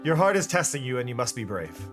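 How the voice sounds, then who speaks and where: A man voicing an earnest young warrior who speaks formally and gravely. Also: mid-range voice, big pitch swings, quick pace, close to an everyday voice. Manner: formal and grave, speaks in lofty pep talks. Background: faint music.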